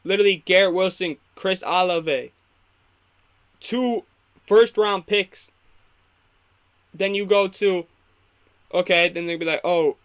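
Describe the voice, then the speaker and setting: Bright-voiced man ranting about football. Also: sits high, clear, resonant tone. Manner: opinionated, rambling, fired up when critiquing. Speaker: sports talk host. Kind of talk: casual live football reaction.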